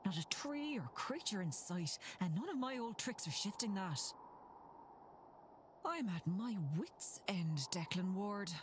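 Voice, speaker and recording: A woman's voice: mid-range voice, big pitch swings, unhurried, a little hiss or hum. A woman voicing a worried Irish folk witch who guards the land with charms, speaking earnestly in a game. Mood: troubled.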